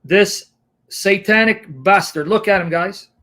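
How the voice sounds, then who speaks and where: A man with a high voice gives outraged commentary. He reads translated lines aloud and breaks in with indignant remarks between them. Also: unhurried, bright, forceful tone. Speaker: host. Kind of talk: reading subtitles and commenting on a clip.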